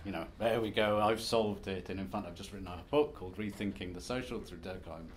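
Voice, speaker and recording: A man's voice: lowish voice, a little fast, a little hiss or hum. Wry male academic giving a talk. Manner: self-deprecating, wry, conversational lecturing with restarts. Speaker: academic speaker. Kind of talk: conference presentation.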